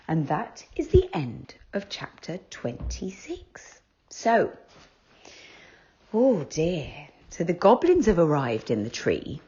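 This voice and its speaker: Gentle woman teacher reading to children, slow and breathy, lively pitch. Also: dull audio. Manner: gentle, questioning. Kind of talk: children's story read-aloud.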